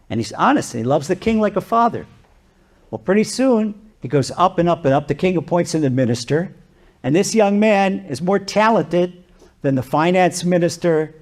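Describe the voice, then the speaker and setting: A man, a rabbi, giving a sermon and telling a parable in an animated, conversational way, often restarting his sentences. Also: a little high, vocal fry. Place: lecture venue.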